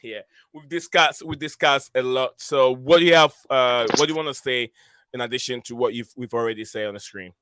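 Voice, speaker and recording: A man hosting a live football review stream, talking in an excited, rambling way with many fillers. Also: medium pitch, a little fast, clear, resonant tone, no echo. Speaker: host.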